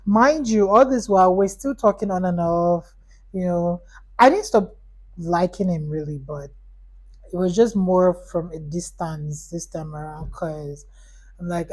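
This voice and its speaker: Animated woman rambling through a storytime. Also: on the low side, unhurried, poor audio. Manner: animated, rambling, many "like"s, acts out dialogue. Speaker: vlogger. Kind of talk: storytime vlog.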